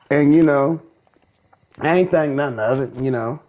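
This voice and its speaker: A man's voice: medium pitch, moderate pace, a little mellow. A man hosting his gaming channel, talking casually in a drawling, slangy way about faith and a breakup, like giving testimony. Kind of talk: casual monologue. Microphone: streaming mic. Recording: dull lo-fi mic.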